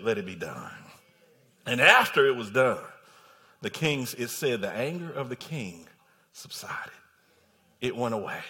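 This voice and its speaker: A man preaching a sermon, telling the story in animated bursts that swing from shouts down to hushed tones. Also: mid-range voice.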